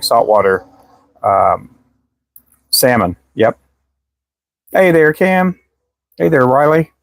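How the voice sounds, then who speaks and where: Gravelly man chatting on a live stream. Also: lowish voice. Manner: rambling, restarts often, greets chatters by name. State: losing his voice. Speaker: live stream host selling fishing lures. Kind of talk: casual live stream chat with viewers.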